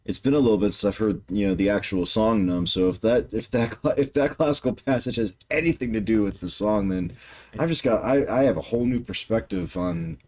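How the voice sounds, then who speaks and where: A man's voice: fairly low pitch, fairly quick, a little mellow. A man co-hosting a music reaction video in a casual chat, enthusiastic and often restarting his sentences.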